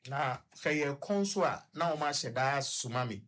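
A young man with a Ghanaian accent, a guest on a radio discussion, telling a personal story in a halting way and stuttering repetitions. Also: mid-range voice, expressive, a bit bright.

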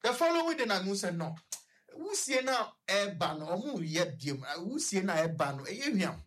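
A young man with a Ghanaian accent, a guest on a radio discussion, telling a personal story in a halting way and stuttering repetitions. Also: high voice, very animated, a bit bright, husky.

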